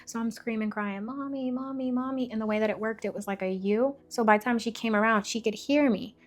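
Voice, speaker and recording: A woman's voice: medium pitch, steady tone, a little fast. A young woman telling her own life story with candor and emotion, full of fillers and restarts. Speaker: faith vlogger. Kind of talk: personal testimony.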